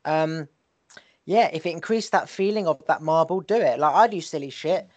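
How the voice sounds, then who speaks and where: A man's voice: a little high, moderate pace, lo-fi sound. A man, a podcast guest chatting casually in a crude, jokey, laid-back way.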